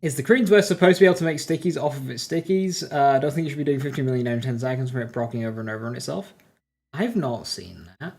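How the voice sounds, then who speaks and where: Man, game streamer, casual talk, thinking aloud, greets chat, mid-pitched voice. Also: animated, quick pace, vocal fry, a little mellow. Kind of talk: casual live-stream commentary.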